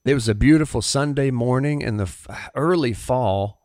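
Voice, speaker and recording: A middle-aged pastor with a Southern US accent telling a personal testimony in an earnest, halting storytelling way. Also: male voice, mid-range voice, a little mellow, no room sound, clean studio sound.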